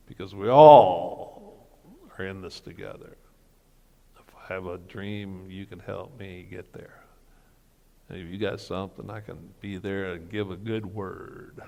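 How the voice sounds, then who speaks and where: A man with a fairly low, darkish voice speaks at a church men's breakfast, giving a motivational guest talk built on funny stories in which he acts out the dialogue. The hall is reverberant.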